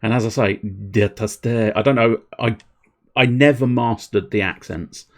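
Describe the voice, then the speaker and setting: A man's voice: mid-range voice, moderate pace. A man in his thirties chatting casually with viewers while streaming a game, rambling and joking with plenty of swearing. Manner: rambling, jokey, sweary, talking to chat. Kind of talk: casual live-stream chat while gaming.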